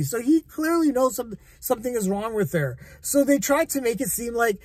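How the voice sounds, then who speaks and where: A man's voice: very high-pitched, expressive, normal speed, darkish tone, husky, no room sound. Blunt, rambling male film critic, dry sound. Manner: rambling and blunt, swearing often; many restarts and repeated words. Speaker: movie critic. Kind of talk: casual spoken film review.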